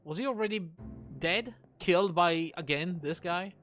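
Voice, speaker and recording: A man's voice: sits high, normal speed, a bit bright, a little hiss or hum. A man streaming a game, thinking aloud through clues with wry, self-mocking jokes. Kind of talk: casual live gameplay commentary.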